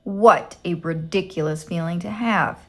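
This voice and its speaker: A woman's voice: fairly low pitch, a little slow. A woman doing a stern, snappish no-nonsense lady. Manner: curt, emphatic and scolding.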